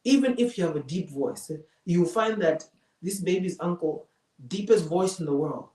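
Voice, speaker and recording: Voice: medium pitch, lively intonation, moderate pace, dark tone. A public speaking coach giving a live masterclass lecture, emphatic and fond of repeating key phrases for effect. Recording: roomy echo, mic far from speaker.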